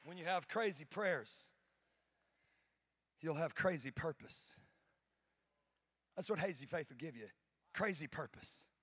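High-voiced preacher, hushed to shouting. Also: male voice, animated, a little slow, long pauses, husky, no echo. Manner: humorous storytelling with acted-out voices. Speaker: pastor. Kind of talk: sermon. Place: church sanctuary before a congregation.

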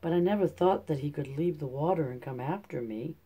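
A man's voice: a little high, brisk, dark tone, slightly rough. A man doing a pleading young princess. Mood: fretful. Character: spoiled young princess, tearful then pleading.

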